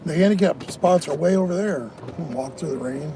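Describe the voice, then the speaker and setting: A man's voice: a little high, brisk. A man working as a food delivery driver, venting and swearing in frustration on a live stream from inside his car. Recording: car ambience noise.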